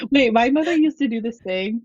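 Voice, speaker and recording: A woman co-hosting a casual podcast, her voice swinging widely in pitch as she tells animated stories and acts out quotes. The sound is dry and a little dull, with no room around it. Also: normal speed, no echo. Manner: animated storyteller, laughs a lot, acts out quotes. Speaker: podcast co-host. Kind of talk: casual chat about a TV show.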